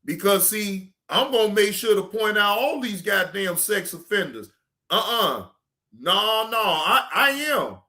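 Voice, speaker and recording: A man hosting a casual reaction stream, ranting in an animated, emphatic and joking way. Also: sits high, unhurried. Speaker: streamer host.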